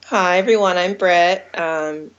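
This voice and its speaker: A woman's voice: fairly low pitch, unhurried, clean tone, lo-fi sound. A woman from South Florida, a guest speaking in a friendly way with frequent fillers. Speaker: guest, business co-owner. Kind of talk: casual interview chat.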